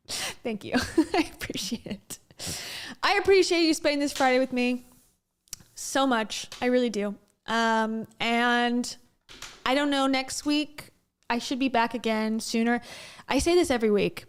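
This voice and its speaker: A woman's voice: on the high side, lively intonation, measured pace, smooth. Chatty joking woman vlogger. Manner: chatty and joking, with frequent laughs and restarts. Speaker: vlogger host. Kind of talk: casual commentary.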